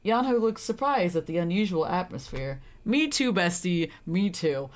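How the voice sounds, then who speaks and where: Animated young woman reacting to a game. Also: fairly low pitch, moderate pace. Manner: animated, laughs often, flustered reactions. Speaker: streamer. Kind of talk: live game commentary.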